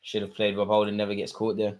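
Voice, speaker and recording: A young man, commentating live on a football match for his viewers and shouting at the screen. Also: fairly low pitch, fast. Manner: excitable, swings from muttering to shouting at the screen. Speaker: football watchalong host. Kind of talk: live watchalong commentary, casual.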